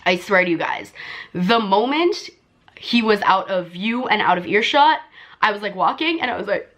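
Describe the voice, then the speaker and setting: A young woman vlogger telling a story in casual, filler-heavy chat, her voice jumping high when she relives excitement. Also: normal speed. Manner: chatty, full of "like" and "um" fillers.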